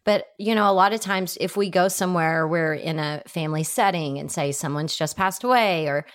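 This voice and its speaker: Woman host, lowish voice, chill, asks follow-ups on a podcast. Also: brisk. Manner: relaxed and conversational, asks follow-up questions. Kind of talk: casual podcast chat.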